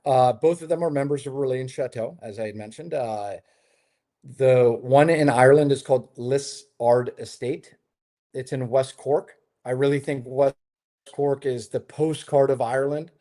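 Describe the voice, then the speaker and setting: A man's voice: mid-range voice, moderate pace, warm tone. A man, a hotel developer, talking casually as an interview guest, telling long stories with a lot of fillers and restarts. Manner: chatty storyteller, many fillers and restarts. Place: his home in Lisbon.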